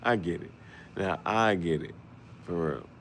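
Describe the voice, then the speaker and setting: A man's voice: deep voice, unhurried, a bit bright, a little hiss or hum. A man, rambling in a loose, joking monologue and often laughing. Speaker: vlogger.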